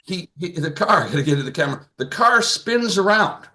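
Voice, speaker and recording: Brief: sixties male comic, bright forceful tone, rambling anecdote style, video call mic. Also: sits high, animated, a little fast. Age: 60s. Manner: rambling, lots of filler and restarts. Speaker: comedian. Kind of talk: stand-up storytelling on a video call.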